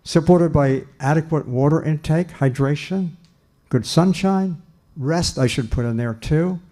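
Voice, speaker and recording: A man's voice: a little high, dark tone. Older man lecturing earnestly. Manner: earnest, emphatic, repeats phrases with pauses and restarts. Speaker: lecturer, nutrition scientist. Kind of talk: public lecture.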